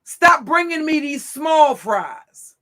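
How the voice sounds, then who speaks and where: A woman's voice: high voice, expressive, takes it slowly, pushed and bright. A woman hosting a livestream, delivering a confrontational, profane, taunting rant at her chat. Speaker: livestream host. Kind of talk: ranting livestream monologue.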